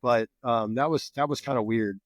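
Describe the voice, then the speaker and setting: Middle-aged guest from New Jersey, swears freely, animated storyteller, dry close sound. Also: male voice, medium pitch, normal speed, no echo. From New Jersey, USA. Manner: profane, animated, repeats words. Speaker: guest, Green Beret veteran. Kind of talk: casual storytelling.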